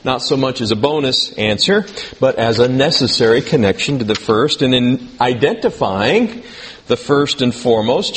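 A man's voice: mid-range voice, a bit bright. A man preaching in a conversational teaching style, reading scripture aloud and asking his listeners questions. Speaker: preacher teaching a Bible class. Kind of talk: sermon.

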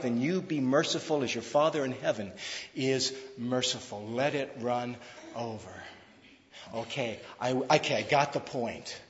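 A man preaching a sermon in an emphatic, conversational way, swinging between loud, pressing lines and hushed ones, with frequent fillers. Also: a little high, long reverb tail, muffled recording. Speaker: pastor.

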